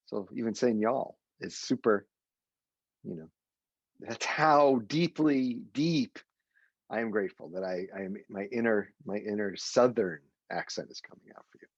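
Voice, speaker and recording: Gravelly-voiced man guiding a meditation. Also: fairly low pitch, dry recording, lo-fi sound. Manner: gentle, unhurried, repeats soothing phrases. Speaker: meditation teacher. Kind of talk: guided meditation.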